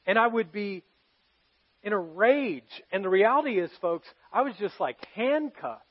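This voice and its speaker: A man preaching a heartfelt sermon in a noticeably high voice, confessing his own struggles to the congregation. He moves between ringing emphasis and near-whispered moments. The recording sounds dull and muffled. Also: expressive, unhurried, breathy edge. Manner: earnest, confessional storytelling to a congregation, swinging from loud to hushed. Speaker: pastor.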